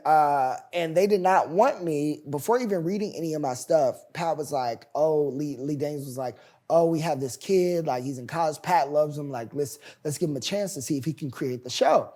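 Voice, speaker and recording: A young man in his twenties tells his story in a relaxed interview. He acts out the people he quotes, jumping far up in pitch and volume for their lines. His telling is lively and full of expression. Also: moderate pace. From United States. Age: 20s. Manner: animated, acts out quoted voices loudly. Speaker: playwright and showrunner guest.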